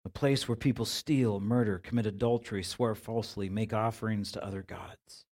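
Preaching as pastor in a church sanctuary, a man talks at normal speed in a voice on the low side, a little mellow and fairly even in intonation. His style is conversational, with repeated words as he gropes for phrasing.

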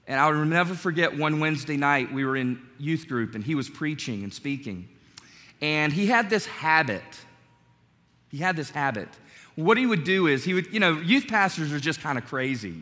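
A man from North Carolina preaching a sermon, telling stories in a conversational way with animated asides. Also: on the high side. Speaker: pastor. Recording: long hall reverb.

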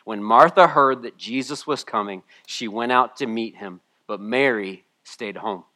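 A man preaching a sermon and reading scripture, tearful at times, with his voice swinging from hushed to loud and emotional. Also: mid-range voice, measured pace. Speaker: pastor. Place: church room with a congregation.

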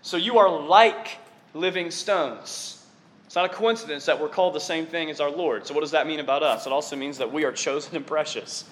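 Excitable preacher with a higher male voice. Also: fast, hardly any pauses, slight background noise. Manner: conversational and excitable, fillers like "like". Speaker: preacher on staff. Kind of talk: sermon.

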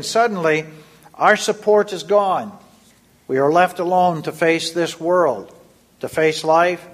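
A man reading a scripted Lenten devotion in a measured, solemn way. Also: on the high side. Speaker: devotion reader.

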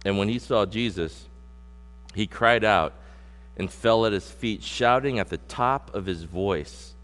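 Animated male preacher in a reverberant hall. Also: lowish voice. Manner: animated preaching with sudden loud emphasis and slowed scripture reading. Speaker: pastor. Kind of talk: sermon. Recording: long hall reverb with mains hum.

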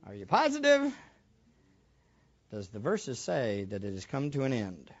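A man's voice: medium pitch, huge pitch swings, a little slow, muffled recording. A man preaching a sermon, asking questions of the congregation and stressing his points. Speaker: pastor.

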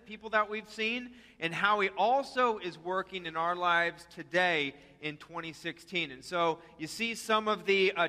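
A man's voice: high voice, bright, forceful tone. A senior pastor giving a conversational sermon to his congregation, with fillers and calls to repeat after him. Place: church sanctuary. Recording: long hall reverb.

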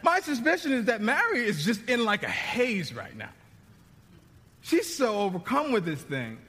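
A male pastor delivering a sermon in a conversational, dramatic way, often dropping to a hushed tone. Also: very high-pitched, sing-song, moderate pace, long reverb tail. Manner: conversational, dramatic preaching with sudden drops to hushed tones.

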